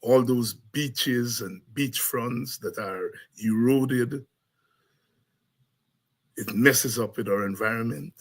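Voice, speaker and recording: A man hosting a talk show, exuberant and prone to loud shouts and scatting. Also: mid-range voice, slow, long pauses, rough recording. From Guyana. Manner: exuberant, breaks into shouts and scat. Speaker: show host and lecturer. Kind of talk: lively talk-show commentary.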